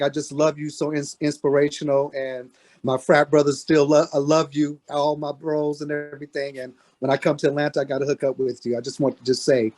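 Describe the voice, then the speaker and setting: A man's voice: mid-range voice, darkish tone. A man calling in to a video chat, gushing and choked up with emotion. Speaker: caller. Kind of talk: emotional video-call greeting. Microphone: video call.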